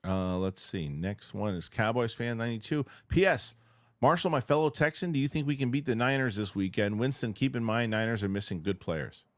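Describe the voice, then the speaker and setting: A man hosting a casual panel chat, reading viewer comments aloud in a chatty, animated way. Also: medium pitch, a little fast, dry recording, studio quality.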